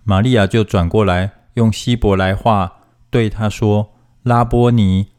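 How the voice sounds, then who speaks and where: Guy reading scripture, steady and even, kinda low voice. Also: a little slow. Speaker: scripture reader. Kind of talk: formal Bible reading.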